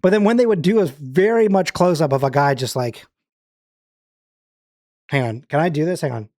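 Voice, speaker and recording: A man's voice: on the high side, moderate pace, a little mellow, no room sound. Brief: male streamer, rambling casual chat, dry close sound. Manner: rambling, chatty, lots of fillers and restarts. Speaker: livestream host.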